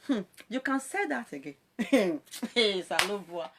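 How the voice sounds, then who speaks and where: A woman's voice: fairly high pitch, slow. A woman with a Nigerian Pidgin accent, talking playfully and animatedly in a casual live-stream monologue as a social media presenter. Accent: Nigerian Pidgin English. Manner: animated, playful, frequent laughs and exclamations.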